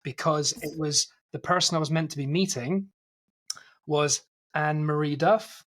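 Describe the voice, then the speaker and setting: A man's voice: a little high, unhurried, fairly bright tone. A man with a worn-down Scottish accent, co-hosting a casual film podcast, teasing and swearing freely as he tells a story. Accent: faint Scottish. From Scotland. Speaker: podcast co-host. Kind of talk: casual chat.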